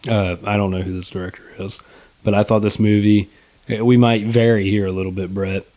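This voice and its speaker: A man's voice: on the low side, level tone, brisk, dark tone. A young man co-hosting a casual movie review podcast, laid-back and rambling, with lots of fillers and swearing. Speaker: podcast co-host.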